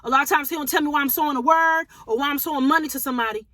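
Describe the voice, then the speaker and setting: A woman's voice: sits high, racing, bright, forceful tone, no echo. A woman preaching informally to camera in a conversational, emphatic way, repeating phrases for emphasis. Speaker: prophetic teacher.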